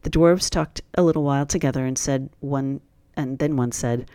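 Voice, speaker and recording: A man reading a classic fairy tale aloud in a steady, plain storytelling voice. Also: medium pitch, normal speed, hardly any pauses, clear, resonant tone, dry recording, clean studio sound.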